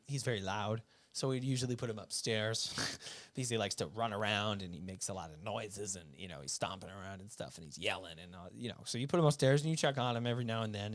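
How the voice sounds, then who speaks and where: A man from upstate New York telling family stories as a guest musician, relaxed, laughing often and swearing freely. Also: lowish voice, no room sound. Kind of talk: casual storytelling.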